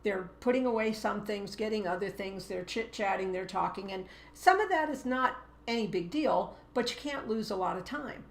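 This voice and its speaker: A woman's voice: medium pitch, moderate pace, few pauses. Chatty woman teacher in an echoey room. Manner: explains at length, acts out voices in quotes. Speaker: teacher and co-host. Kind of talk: casual two-person chat.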